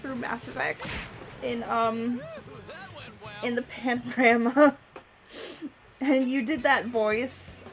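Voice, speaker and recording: Giggly woman co-host on a game stream, slow unhurried talk, light music behind. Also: on the high side, fairly even intonation. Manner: giggly, laughs often and hard. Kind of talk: casual chat over gameplay.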